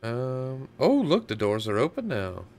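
Brief: male let's-player, slow and clear-voiced, jokey and chatty. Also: medium pitch, wildly swooping pitch, darkish tone. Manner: joking, rambling, talks to himself. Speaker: gaming channel host. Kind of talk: casual gameplay commentary.

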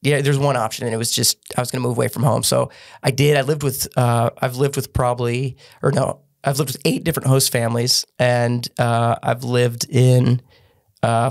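A man recounts his athletic past in an earnest, unhurried way as a guest on a podcast. His delivery stays even and level, with little rise and fall. Many of his sentences restart partway through. The sound is close and dry, with no room echo. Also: medium pitch. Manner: earnest, with frequent restarts and fillers. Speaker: podcast guest, former gymnast turned business owner. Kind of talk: casual storytelling interview.

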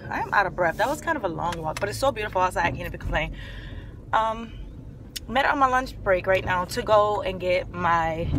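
A young woman chats into her phone camera on a city street. Her voice is slightly high and bright, and she speaks with force. She tells her story in an emphatic, talkative way, with faint noise behind her. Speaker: vlogger. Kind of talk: casual vlog chat. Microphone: handheld phone camera.

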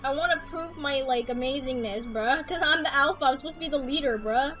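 A woman streaming a game, chatting casually in slang and breaking into loud outbursts. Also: sits high, a little fast, low-quality recording. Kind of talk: casual gaming livestream chat. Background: game music.

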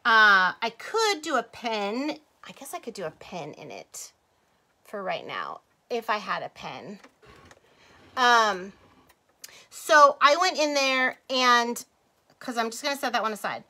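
Chatty bright-voiced woman crafting live. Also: a little high, very animated, slow pace. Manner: chatty, rambling, laughs often, drifts off topic; talks to viewers as "you guys" and "y'all". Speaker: craft livestream host. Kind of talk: casual chat while crafting live.

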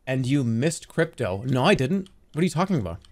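A man in his thirties streaming a game live, talking in an animated, rambling and profane way. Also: medium pitch, a little fast. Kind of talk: live gameplay commentary.

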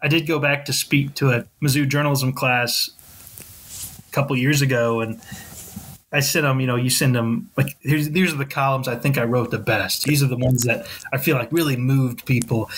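A man's voice: mid-range voice, fairly even intonation, normal speed, a bit bright, slight background noise. A man from Missouri, a sports columnist, chatting as a podcast guest, rambling and correcting himself as he goes. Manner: rambling, self-correcting, chuckles often. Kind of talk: casual podcast interview.

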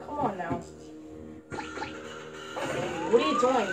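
A woman hosting a casual reaction video on a headset, chatty and excitable, talking back at the screen. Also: sits high, a little slow, rough recording. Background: music from the video being watched.

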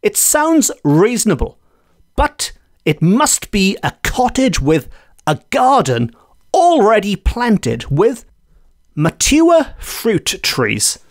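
A man's voice: high-pitched, huge pitch swings, slow pace, dry recording, clean studio sound, heavily acted. A man voicing a crafty, poor old countryman who haggles in a folk tale.

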